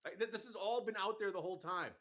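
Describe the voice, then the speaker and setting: A man with a voice pitched a little above the usual male range, talking as a radio guest. He presses his points quickly and emphatically, with an exasperated edge that runs through the whole conversation. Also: fairly bright tone. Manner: fast, exasperated, emphatic argument. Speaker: political commentator guest. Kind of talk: talk radio interview.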